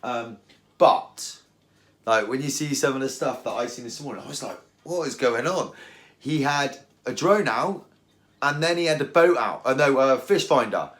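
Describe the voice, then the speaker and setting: A man's voice: medium pitch, moderate pace. A man ranting casually about fishing while making bait at home, rambling and slangy. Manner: animated, slangy, rambling rant. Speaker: angling vlogger. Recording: echoey room.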